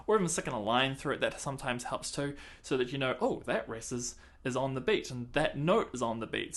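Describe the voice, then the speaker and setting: A man's voice: on the high side, a bit bright. A man teaching a clarinet lesson in a casual, chatty way, counting and singing the beats aloud and laughing at himself.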